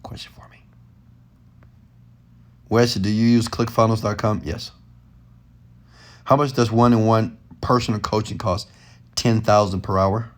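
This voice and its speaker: An entrepreneur and mentor, lying in bed at home at night, takes questions on a live stream. His voice is lowish and fairly even, a bit slow with frequent pauses, while his loose, rambling, spontaneous talk turns passionate and often loud.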